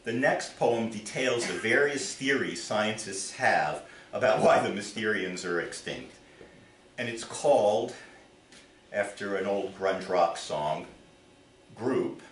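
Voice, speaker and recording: A man, a poet, giving a live reading of his poems on a theater stage in a measured, expressive way. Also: fairly low pitch. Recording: roomy theater, from far off.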